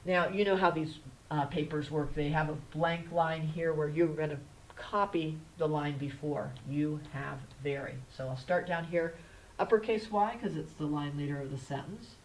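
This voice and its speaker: A woman teaching a kindergarten handwriting lesson. She is patient and gentle and spells words out letter by letter. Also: low-pitched, normal speed, a little hiss or hum, poor audio. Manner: gentle, instructive.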